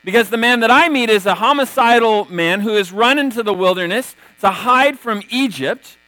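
A man with a fairly high voice delivers a sermon in a relaxed, talky manner, dropping "right?" after many of his points. He retells scripture stories with a storyteller's energy. The sound is dry and close, with little room around it. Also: moderate pace, dry recording, low-quality recording. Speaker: pastor.

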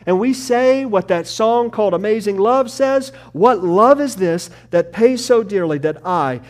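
Man preaching, hushed to emphatic. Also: high-pitched, expressive. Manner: shifts from hushed, slow tender passages to loud emphatic preaching. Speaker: pastor. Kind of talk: sermon.

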